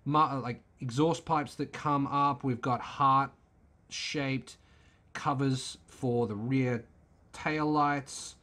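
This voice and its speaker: A man's voice: mid-range voice, fairly bright tone. A man hosting a car channel, giving laid-back, wry, opinionated commentary as he flips through a magazine.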